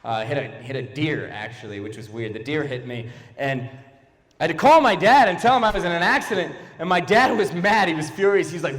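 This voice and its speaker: A young adult man performing a stand-up comedy set and slipping into quick silly character voices. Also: fairly high pitch, animated, fairly bright tone. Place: church hall, live audience. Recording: long hall reverb.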